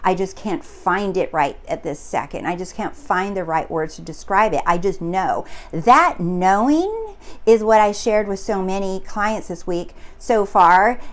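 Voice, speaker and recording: A woman coaching her viewers in a casual, earnest spiritual talk that repeats itself and gets excitable. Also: mid-range voice, a little slow. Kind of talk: casual teaching monologue.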